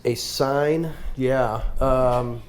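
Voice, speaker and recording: A man's voice: medium pitch, fairly even intonation, extremely slow. A man leading a group Bible study discussion, talking in a thoughtful, conversational way with fillers and restarts.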